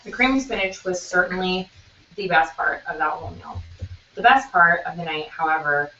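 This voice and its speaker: A woman's voice: on the low side, moderate pace, pushed and bright, slight background noise. A young woman chattily telling a story over dinner, full of "like" and "um," with frequent laughs. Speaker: podcast co-host. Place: restaurant table. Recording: dull, echoey, from a distance.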